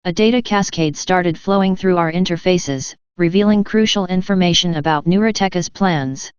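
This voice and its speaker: A woman reads a science-fiction story in the first person with an even, measured delivery. Her voice is low, very smooth, and clear. The recording is dry and close, with a slightly dull, lo-fi tone. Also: no echo. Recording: dull lo-fi sound.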